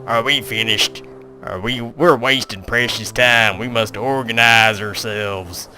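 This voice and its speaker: A man voicing a gruff, impatient survivalist who talks loudly and bossily. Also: medium pitch, takes it slowly, faint music behind. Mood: bossy. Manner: loud, bossy and urgent.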